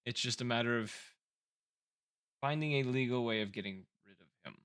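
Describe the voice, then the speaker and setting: A man voicing a cautious, diplomatic woman mayor in a tabletop role-play, speaking in measured, carefully chosen words. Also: mid-range voice, a bit bright, smooth, lightly acted.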